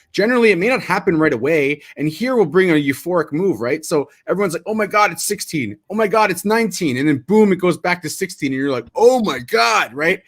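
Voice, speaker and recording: Animated, slightly high-voiced male trader. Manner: animated, acts out market reactions, restarts often. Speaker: crypto trader. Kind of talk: casual explanatory chat over charts.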